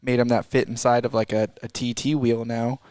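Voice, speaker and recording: A man's voice: medium pitch, flat delivery, brisk, a little mellow, clear, resonant tone, no echo. A man talking casually as a guest about off-road driving, enthusiastic and rambling, with slang. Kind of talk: casual chat.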